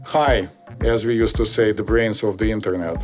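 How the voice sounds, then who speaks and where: A man's voice: on the low side, fairly even intonation, soft background music. Russian-accented man hosting a podcast. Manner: explanatory, meandering, hesitant with many pauses. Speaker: podcast host. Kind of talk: casual podcast chat.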